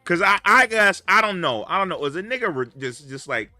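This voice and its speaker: Excitable, profane male gamer with AAVE. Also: high voice, a little fast, no echo. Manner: profane, excitable, bursts into loud outbursts. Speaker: streamer. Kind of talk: casual gameplay commentary.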